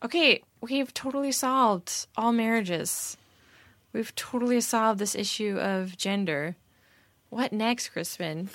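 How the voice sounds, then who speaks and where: A woman co-hosts a podcast in a casual, chatty conversation. She has a bright, forward tone and makes quick, wry asides. The sound is dry and close to the mic. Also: fairly high pitch, dry recording. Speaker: podcast co-host. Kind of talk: casual chat.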